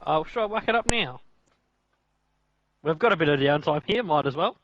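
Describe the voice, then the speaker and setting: A man's voice: on the high side, expressive, moderate pace, fairly bright tone, slight background noise. A man co-hosting a live racing game stream, chatty and teasing, laughing often. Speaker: stream co-host. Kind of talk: casual live-stream chat and race commentary. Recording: dull lo-fi remote audio.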